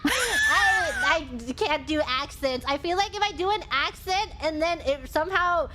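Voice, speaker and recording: Giggly woman host, slow and very high, playful teaser. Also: expressive, noisy background. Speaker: streamer hosting a collab. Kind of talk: casual chat.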